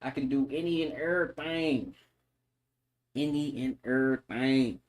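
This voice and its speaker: A man's voice: medium pitch, a little slow, natural voice. A man putting on the voice of a boastful young tough guy who taunts in drawled slang. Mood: taunting.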